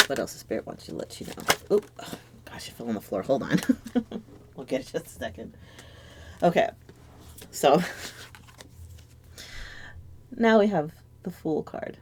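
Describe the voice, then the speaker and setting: A woman with a low voice reads tarot cards on her own. She speaks softly and reflectively, often dropping to a near-whisper. She sounds moved and searches for the right words as she goes. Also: sing-song, unhurried, pauses often, a little hiss or hum. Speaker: tarot reader. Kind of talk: solo tarot reading to camera.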